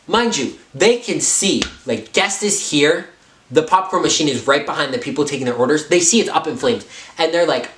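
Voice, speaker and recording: A young man vlogging a storytime, animated and full of fillers, often jumping up into high voices. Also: moderate pace, reverberant. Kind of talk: storytime vlog.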